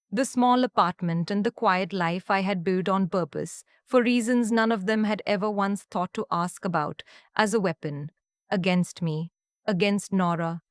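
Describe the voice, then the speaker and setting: A woman from Canada narrating a personal story in a calm, measured, understated way. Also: mid-range voice, clean tone, no room sound, studio quality. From Canada (Ontario). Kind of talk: scripted first-person storytelling.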